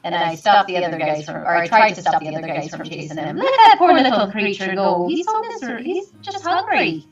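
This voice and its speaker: A woman's voice: medium pitch, animated, a little fast, few pauses, soft background music. A woman playing a tabletop game, chatty and eager in a kind way. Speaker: player. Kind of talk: tabletop game role-play. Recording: roomy, distant, dull sound.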